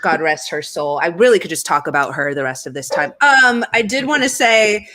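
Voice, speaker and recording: A woman judging a comedy debate, joking and animated. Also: lowish voice, normal speed. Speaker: panel judge.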